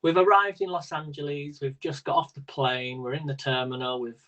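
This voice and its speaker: A man's voice: fairly high pitch, steady tone, normal speed, a bit bright, lo-fi sound. Chatty man hosting a quiz. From Britain. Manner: chatty and rambling, laughs often. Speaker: quiz host. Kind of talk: casual live-stream quiz hosting.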